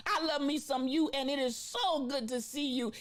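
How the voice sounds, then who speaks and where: A woman's voice: high voice, moderate pace. A woman hosting a live stream, chatting casually, laughing often and calling her viewers baby and sister. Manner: emphatic, repeats phrases for effect.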